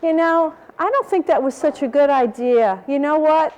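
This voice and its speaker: Grumbling cheated storybook bear, read by a woman, higher pitched. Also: normal speed, darkish tone, close to an everyday voice. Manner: indignant complaining. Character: grumbling tricked male bear.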